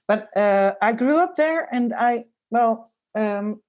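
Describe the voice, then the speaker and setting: A woman from the Netherlands, a designer, speaking as a guest in a casual podcast interview. She talks thoughtfully, pausing often to search for words. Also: fairly high pitch, expressive, darkish tone. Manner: thoughtful, hesitant, many ums and pauses.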